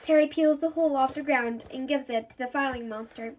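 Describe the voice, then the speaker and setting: A woman reading a children's chapter book aloud in an even storytelling manner. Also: sits high, brisk. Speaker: reader.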